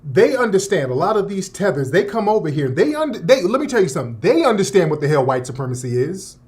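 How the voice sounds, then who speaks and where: Animated high-voiced male radio host. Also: fast. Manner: profane, animated, laughing, with mocking put-on voices. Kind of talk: opinionated talk radio monologue.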